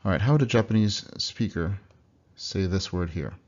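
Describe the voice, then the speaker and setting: Deep-voiced male teacher, relaxed, full of fillers and restarts; slideshow lesson on a dull computer mic. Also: moderate pace. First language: English. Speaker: language teacher. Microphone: computer microphone for a slideshow recording.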